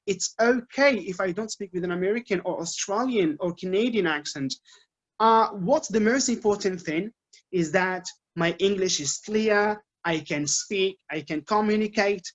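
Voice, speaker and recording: A man with an Arabic accent, a native Arabic speaker, teaching English learners in an advice talk, patiently repeating his points and checking in with "okay?". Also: sits high. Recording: dull lo-fi recording.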